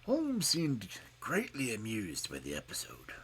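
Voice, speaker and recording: A man narrating a detective story, expressive and dropping to a hush at tense moments. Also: lowish voice, unhurried, a little hiss or hum.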